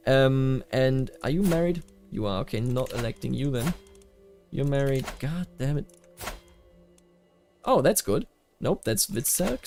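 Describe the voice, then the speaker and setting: A man's voice: on the high side, darkish tone. Rambling man commenting on gameplay. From Bavaria, Germany. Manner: rambling, reacts aloud to the game, frequent fillers and restarts. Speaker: strategy game streamer.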